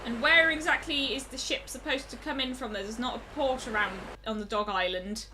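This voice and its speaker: A woman's voice: on the high side, normal speed, background noise. Wry, chatty woman doing gameplay commentary. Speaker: let's play host.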